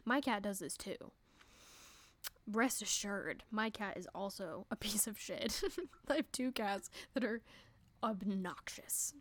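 A young woman hosting a casual solo podcast, chatty and giggly, swearing freely and breaking into quick voices. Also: mid-range voice, fairly bright tone, no echo. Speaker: podcast host.

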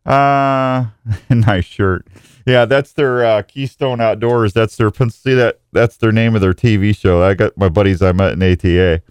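A man's voice: on the low side, fairly even intonation, a little slow, clear, resonant tone, no echo, clean studio sound. A male radio show host greeting listeners one by one in a jokey, rambling way, often tripping over his words. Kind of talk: live talk show with listener shout-outs.

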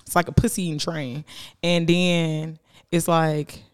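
A woman's voice: low voice, measured pace, clear, resonant tone. A young woman co-hosting a casual, explicit podcast chat, telling stories with lots of laughter and acting out her friends in quotes. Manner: animated storyteller, voices friends in quotes, laughs often. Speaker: podcast co-host.

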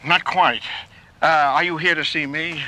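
A man's voice: on the high side, steady tone, measured pace, bright, forceful tone, low-quality recording. An actor playing a flustered male football coach, speaking hesitantly and politely in a TV drama scene. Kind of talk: 1980s TV drama acting. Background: music score.

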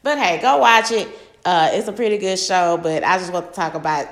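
Talking briskly in a lowish voice, this podcast host rambles through a casual solo chat, cursing a lot, speaking bluntly and often restarting sentences. The sound is reverberant.

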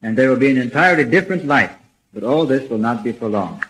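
A man giving an earnest, measured religious lecture, reading from a prepared text and clearing his throat between passages. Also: mid-range voice, animated, a bit bright, a little hiss or hum, low-quality recording. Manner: measured and earnest, reads quotations aloud.

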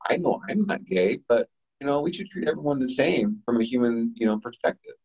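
A man's voice: mid-range voice, lively intonation, brisk, vocal fry, a little mellow, slightly rough. A man, a podcast guest, telling a story casually and animatedly, acting out the quotes. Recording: dull lo-fi audio.

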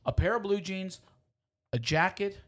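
A playful man with a somewhat high voice, joking around in loose, casual banter. He keeps spinning the same gag further and sounds amused throughout. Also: a little slow, fairly bright tone. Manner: playful, riffing on a running joke.

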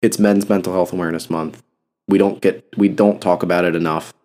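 A man's voice: low voice, fairly even intonation, fairly quick, a little mellow. A young man hosting a solo podcast, talking bluntly and passionately with heavy cursing. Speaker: podcast host. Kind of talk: casual solo podcast talk.

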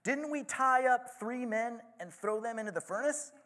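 A stunned ancient king bellows his amazement in a high, strained voice, as a pastor acts him out. His cries climb and swoop with every word of the storybook retelling. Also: slow pace, exaggerated voice. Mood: astonished shouting. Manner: loud, excited exclamations. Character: astonished ancient king, shouting.

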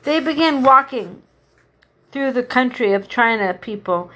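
Woman, slightly high voice, children's story read aloud, unpolished, restarts. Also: lively intonation, a little slow, a bit bright. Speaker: reader.

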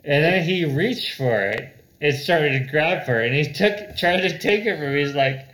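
A man's voice: fairly high pitch, lively intonation, moderate pace, fairly bright tone, low-quality recording. A man casually telling stories among friends, loose and laughing, peppered with "dude" and "like.". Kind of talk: casual storytelling chat.

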